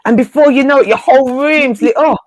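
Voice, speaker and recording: High-voiced and brisk, this woman co-hosts a laid-back spiritual live chat and cheers her listeners on. She talks in slangy, informal language, frequently repeating phrases to stress them, and the sound is echo-free.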